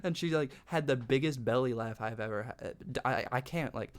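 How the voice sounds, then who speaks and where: A young man records a vlog in his bedroom and tells a story about himself in a loose, sweary ramble where "like" comes up constantly. He speaks at normal speed with a medium-pitched voice.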